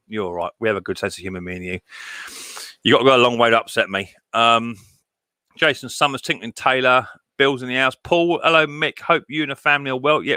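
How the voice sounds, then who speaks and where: A man's voice: medium pitch, bright, forceful tone, dry recording. A man hosting a casual live stream, reading out chat and greeting viewers by name with chummy banter.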